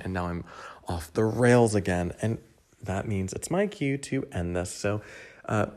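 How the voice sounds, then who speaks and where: A man with a low voice hosts a solo podcast in casual, unscripted talk. He rambles candidly, often restarting and stuttering through his sentences, with a self-deprecating, confiding manner. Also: moderate pace, darkish tone. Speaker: podcast host.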